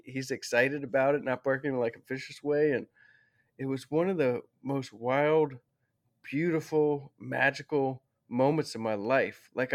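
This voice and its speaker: Interview guest, male, mid-pitch, casual storyteller who corrects himself as he goes, heartfelt. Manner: rambling, self-correcting, heartfelt.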